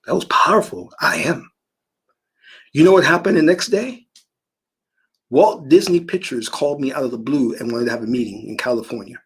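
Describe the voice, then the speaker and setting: Husky, animated man preaching manifestation. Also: medium pitch, normal speed, pauses often. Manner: preachy, storytelling, emphatic. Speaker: spiritual manifestation teacher. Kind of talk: motivational spiritual monologue.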